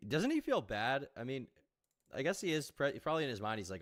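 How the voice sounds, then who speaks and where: Man, live-stream reaction commentary, sarcastic, mocking, swears a lot, animated pitch. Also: fast talker.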